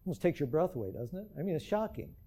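Talking fast in a fairly high, mellow voice that is sing-song and slightly rough, a male pastor preaches to his church. He is earnest and keeps asking the congregation rhetorical questions.

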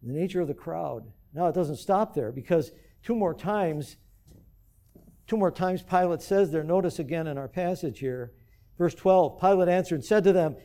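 High-voiced, mellow male preacher. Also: lively intonation, moderate pace. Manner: earnest, asks the congregation rhetorical questions. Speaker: pastor. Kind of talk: sermon.

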